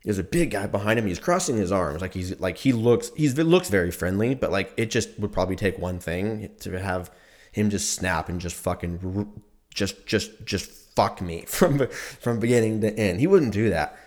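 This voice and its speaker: A man's voice: on the low side, animated, normal speed, darkish tone. A young man telling a rambling, profane story in a casual monologue, laughing often as he goes.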